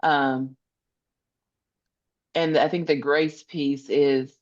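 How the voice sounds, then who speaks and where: In a muffled recording, a low-voiced woman speaks extremely slowly in a steady tone. As a social worker guesting on a podcast, she makes her points in conversation earnestly and forcefully, repeating phrases for emphasis.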